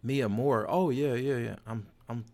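A man hosts a podcast in a relaxed, joking way, loose with his slang and a little tipsy from drinks. His voice sits at an ordinary middle pitch. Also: a little slow. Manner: laid-back, slangy, joking. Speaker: podcast host. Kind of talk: casual chat.

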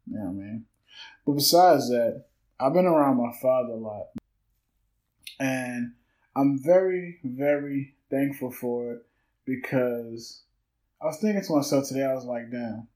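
A man's voice: medium pitch, darkish tone, poor audio. A man, hosting an unscripted solo podcast, talking candidly and reflectively, swearing freely and rambling through his thoughts. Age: 30s. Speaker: podcast host.

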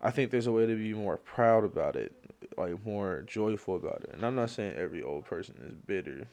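A man's voice: fairly low pitch, lively intonation, fairly quick. Rambling young man on a solo podcast. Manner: rambling, slangy storytelling with lots of fillers; gets loud and worked up when ranting. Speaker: podcast host. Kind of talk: casual solo podcast chat.

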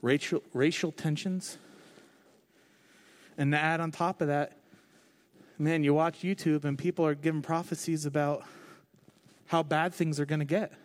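A man preaching a conversational sermon from the stage, telling his own story candidly with lively, expressive delivery. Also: fairly high pitch, unhurried, long pauses. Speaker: pastor. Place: on stage before a congregation.

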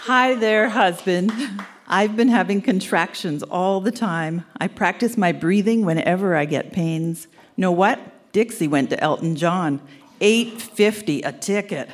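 A woman's voice: on the low side, unhurried. Older woman reading love letters. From Canada. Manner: warm, teasing, laughing through the lines. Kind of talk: reading letters aloud on stage. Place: live event centre stage.

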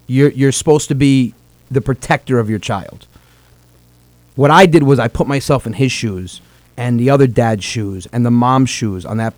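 A man's voice: mid-range voice, darkish tone, no echo. A man in his thirties with a New York-New Jersey Italian-American accent, speaking earnestly and emotionally on a comedy podcast, swearing and repeating words as he gets worked up.

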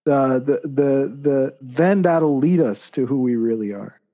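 A man telling a parable as a podcast guest, halting often with fillers and restarts. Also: mid-range voice, dark tone, muffled recording. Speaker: guest storyteller. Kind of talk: spoken parable storytelling.

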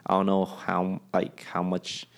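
A man's voice: low-pitched, completely flat delivery, a little slow, creaky. A man co-hosting a podcast, chatting casually and airing loose, opinionated views with some profanity. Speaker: podcast co-host. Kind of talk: casual chat.

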